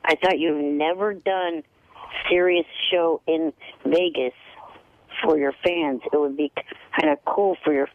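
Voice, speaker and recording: A man speaks haltingly over a dry, tinny line, starting and restarting his thoughts. His voice is a bit high with a gravelly edge. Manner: hesitant, halting. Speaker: guest. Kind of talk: casual radio conversation.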